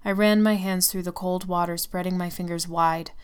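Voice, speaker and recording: Low, smooth-voiced woman narrating a story. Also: fairly even intonation, moderate pace. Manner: intimate, confessional reading. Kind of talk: first-person story narration.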